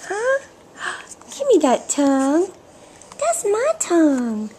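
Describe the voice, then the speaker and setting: Woman, high soft mellow voice, slow doting baby talk, kissy cooing, home video. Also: wildly swooping pitch, slight background noise. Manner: cooing, doting, kissing sounds. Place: home, indoors. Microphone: home video camera.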